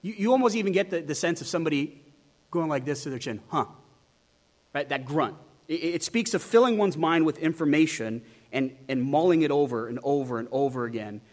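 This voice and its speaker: A man preaching an expository sermon, emphatic and animated, asking the listeners many rhetorical questions. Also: a little high, fairly quick. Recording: long hall reverb.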